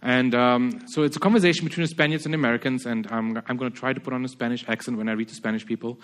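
A man's voice: medium pitch, steady tone, very fast. A man preaching a sermon, earnest, stammering restarts and repeating his key phrases.

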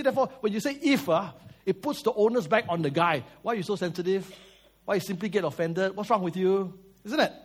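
A man preaching a sermon, telling stories and asking the audience questions, moving between loud and soft. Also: high voice, husky. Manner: lively storytelling, swings between loud and soft.

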